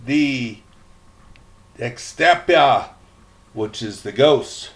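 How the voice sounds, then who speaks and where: Slow gravelly older storyteller. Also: male voice, lowish voice, slight background noise. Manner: rambling, chatty asides, many fillers. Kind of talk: reading a chapter book aloud.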